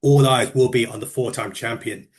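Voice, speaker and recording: A man's voice: medium pitch, normal speed. Man, from the UK, interview host, chatty, repeats words. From United Kingdom. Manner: chatty, repeats words, says "look" and "mate". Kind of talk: casual interview chat.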